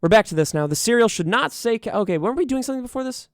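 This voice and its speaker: A man's voice: very high voice, animated, rapid-fire, no echo, clean studio sound. A young man streaming and chatting casually, sarcastic and profane as he riffs on what he reads. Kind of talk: casual livestream commentary.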